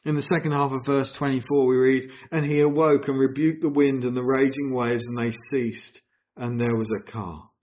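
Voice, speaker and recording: A man preaching a sermon in an earnest, expressive way, asking his listeners questions. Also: medium pitch, moderate pace. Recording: dull lo-fi recording.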